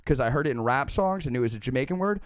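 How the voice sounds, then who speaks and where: A young man co-hosting a casual comedy podcast, telling stories in an excitable, profane way. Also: mid-range voice, very fast, smooth, no room sound, clean studio sound. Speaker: podcast co-host.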